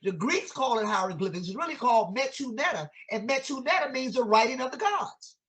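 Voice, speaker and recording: A man's voice: extremely high pitch, expressive, a little fast, a bit bright. Emphatic man lecturing with rhetorical questions. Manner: casual vernacular grammar. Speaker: educator guest. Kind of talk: impassioned conversational teaching.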